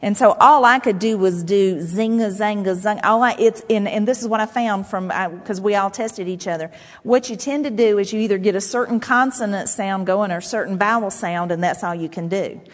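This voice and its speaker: A woman pastor preaching a sermon in a conversational, animated way. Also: medium pitch, brisk. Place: church sanctuary. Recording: long hall reverb.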